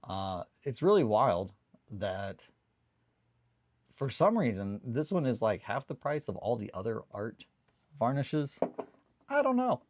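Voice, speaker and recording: A man's voice: medium pitch, big pitch swings, a little slow, long pauses, dry recording. A young man hosting a morning hobby show, telling a rambling story in a casual, self-deprecating way with the odd swear. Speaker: hobby stream host. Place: home hobby desk.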